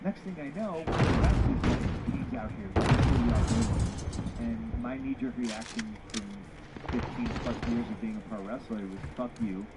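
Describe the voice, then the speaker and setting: A man recounting his wrestling days in a blunt, profanity-laced interview, his voice rising whenever he acts out old arguments. The clip plays under loud game gunfire and battlefield noise that never lets up. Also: mid-range voice, normal speed. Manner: profane, animated, acts out quoted dialogue. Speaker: interview guest, former pro wrestler. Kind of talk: candid storytelling in an interview. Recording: podcast audio played over loud game gunfire.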